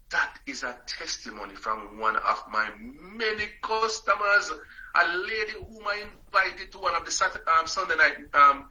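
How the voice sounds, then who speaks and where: Emphatic bright-voiced man. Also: on the high side, rough recording. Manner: emphatic, repetitive, calls out viewers by name. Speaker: product affiliate hosting a live stream. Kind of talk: motivational live stream talk.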